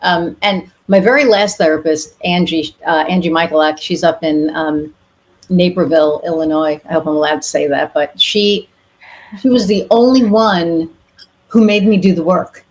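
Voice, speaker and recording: A woman's voice: on the low side, moderate pace. A woman podcast host chatting candidly, telling a personal story with casual swearing and lots of fillers. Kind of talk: casual interview chat.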